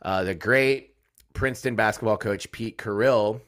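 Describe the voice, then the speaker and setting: A man hosting a casual sports podcast, telling animated stories that swing between loud outbursts and low asides, and swearing casually. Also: a little slow. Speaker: podcast host.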